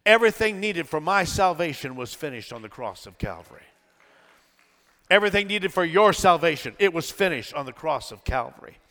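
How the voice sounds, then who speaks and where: A middle-aged male pastor preaching a sermon, dramatic, swinging from shouts to hushed tones. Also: a little high, animated, a little fast, in a large hall.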